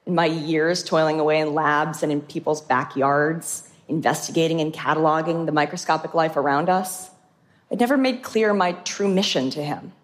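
Low-voiced woman telling vivid science stories. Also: no echo. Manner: vivid, enthusiastic storytelling. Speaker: microbiologist. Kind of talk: storytelling talk, stage and interview.

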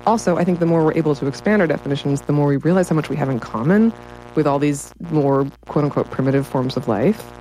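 A woman's voice: deep voice, animated, fast, warm tone, a little hiss or hum, low-quality recording. A woman writer talking as a guest in a casual interview, enthusiastic and often breaking into laughter.

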